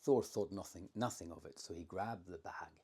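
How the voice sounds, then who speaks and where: A man telling an old myth aloud, unscripted, dropping to a hush at tense moments. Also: low-pitched, normal speed, breathy edge. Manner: unscripted, drops to a hushed tone for tension. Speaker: storyteller. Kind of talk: oral myth storytelling.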